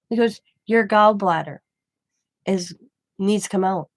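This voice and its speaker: A craft channel host tells a rambling story in a casual way, her medium-pitched voice a little slow with long pauses. She retells events animatedly, quoting dialogue, and the recording has no room sound.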